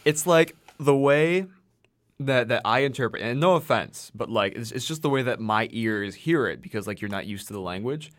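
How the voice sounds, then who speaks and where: A man's voice: mid-range voice, animated, moderate pace, fairly bright tone. A young man from the American Midwest, co-hosting a casual chat, telling rambling stories and swearing freely. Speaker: podcast co-host.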